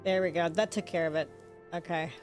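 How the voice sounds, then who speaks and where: A woman's voice: lowish voice, steady tone, a little fast, a little mellow. A woman streaming a video game live, chatting casually and rambling to herself as she plays. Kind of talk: casual live-stream chat while gaming. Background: game music.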